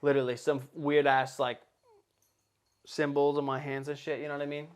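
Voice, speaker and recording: A man's voice: fairly high pitch, flat delivery, moderate pace, smooth. A man in his twenties hosting a podcast, talking in a casual, profane, rambling way. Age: 20s. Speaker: podcast host. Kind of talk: casual chat.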